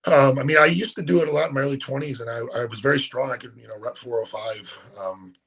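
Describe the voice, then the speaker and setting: A man who coaches bodybuilding, answering interview questions in a relaxed, halting way with frequent ums. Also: medium pitch, gravelly, husky, rough recording. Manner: relaxed, hesitant, many ums and restarts.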